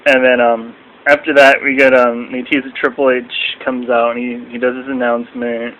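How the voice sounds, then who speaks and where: Brief: young male vlogger, bright voice, rambling casual review, dull webcam sound. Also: flat delivery, moderate pace, slight background noise. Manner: rambling, acts out quotes in shrill mocking voices.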